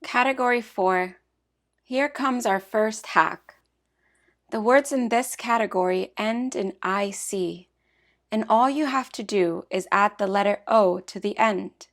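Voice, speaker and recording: A woman narrating a scripted language lesson with clear, measured explanations. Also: medium pitch. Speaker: language teacher.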